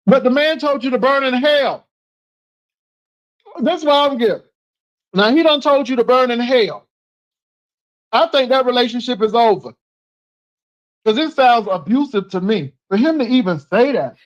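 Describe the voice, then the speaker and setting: A man's voice: extremely high pitch, animated, moderate pace, long pauses, lo-fi sound. A man in casual live call-in chat, sassy and teasing, repeating his points with emphasis.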